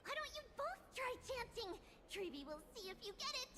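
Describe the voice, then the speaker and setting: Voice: very high voice, sing-song, brisk. A woman voicing a playful, teasing, childlike priestess in a video game.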